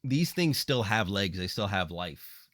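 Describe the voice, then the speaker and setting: A man's voice: fairly low pitch, a little slow, dry recording. Dry, laid-back male podcast host. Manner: relaxed, joking, rattles off plugs. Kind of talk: casual chat.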